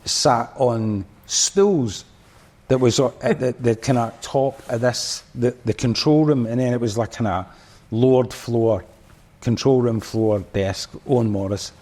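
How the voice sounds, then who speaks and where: A man's voice: medium pitch, unhurried, darkish tone. A man with a Scottish accent, a podcast guest and former drummer, telling a rambling story full of restarts and fillers. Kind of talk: casual storytelling.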